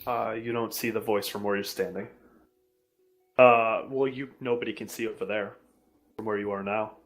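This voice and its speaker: A man running a tabletop game as dungeon master, narrating in a brisk, animated way. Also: fairly low pitch.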